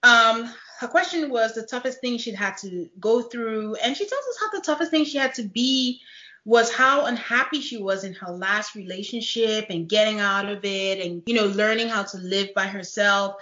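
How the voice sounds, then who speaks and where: A woman hosting a casual recap chat, animated and laughing often as she retells scenes. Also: a little high, normal speed. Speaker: podcast host. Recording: dull lo-fi echoey room.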